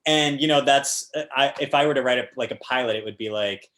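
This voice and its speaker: A man from the American South, a guest actor, chatting casually and telling animated stories with plenty of fillers. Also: medium pitch, fast talker. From Georgia, US South. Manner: animated storyteller, many fillers. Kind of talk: casual interview chat.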